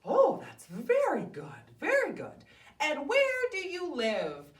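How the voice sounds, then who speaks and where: A woman's voice: high voice, huge pitch swings, takes it slowly, voice pushed up, full character voice. A woman voicing a fussy, doubtful queen in a library storytime, exclaiming in a theatrical way. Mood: delighted. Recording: roomy, mic at a distance.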